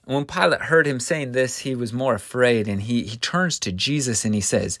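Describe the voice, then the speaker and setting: A man's voice: medium pitch, fairly quick, few pauses, fairly bright tone, no room sound, studio quality. A man teaching a scripture lesson in an earnest, vivid storytelling manner.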